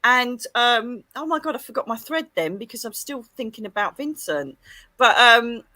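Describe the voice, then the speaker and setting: A middle-aged woman, a psychic medium, talking in a chatty, animated way full of exclamations on a livestream. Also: fairly high pitch, normal speed, dry recording. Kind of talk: casual livestream chat.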